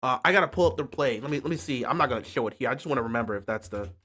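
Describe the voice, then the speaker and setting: A man's voice: mid-range voice, expressive, racing, bright, forceful tone. Impassioned man stammering through sports talk. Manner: impassioned, stammering restarts and repetition. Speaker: sports channel host. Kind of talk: casual sports talk to camera.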